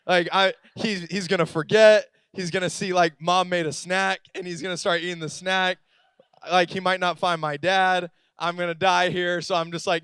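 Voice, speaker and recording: A man's voice: high voice, fairly bright tone, smooth, no echo. A young adult man, a pastor, telling a personal story in a casual, filler-heavy sermon. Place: church auditorium.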